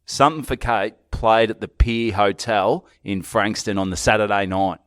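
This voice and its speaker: A man's voice: lowish voice, fairly even intonation, moderate pace, no room sound, clean studio sound. A man with an Australian accent, co-hosting a podcast and telling a story in casual banter. He swears freely and acts out his own reactions. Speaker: podcast co-host.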